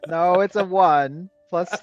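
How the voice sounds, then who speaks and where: A man's voice: high-pitched, slow pace, muffled recording, faint music behind. A man playing a tabletop game, talking casually and playfully. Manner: playful, laughing. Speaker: player.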